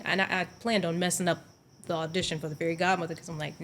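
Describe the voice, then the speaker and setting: A woman guest on a podcast, telling stories in a lively, laughing way during a casual chat. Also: fairly low pitch, quick pace, slight background noise. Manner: animated storyteller, laughs often. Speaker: guest actress. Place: podcast studio.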